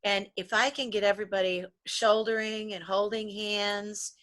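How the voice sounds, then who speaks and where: A middle-aged American woman, a psychologist co-hosting a motivational wellness podcast, speaks in a mid-range, slightly bright voice at moderate pace with fairly even intonation. She sounds earnest and preachy, often repeating words as she starts sentences.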